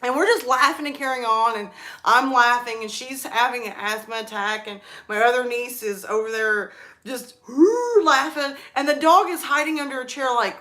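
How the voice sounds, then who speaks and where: A young woman chatting on her live stream, telling stories with quick laughs. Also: on the high side, pushed and bright. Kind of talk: casual live stream chat.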